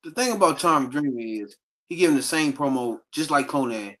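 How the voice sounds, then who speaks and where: A woman's voice: very deep voice, animated, fairly quick, slight background noise. A woman co-hosting a wrestling podcast, talking bluntly and dismissively in very informal speech. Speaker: podcast co-host. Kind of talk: casual chat.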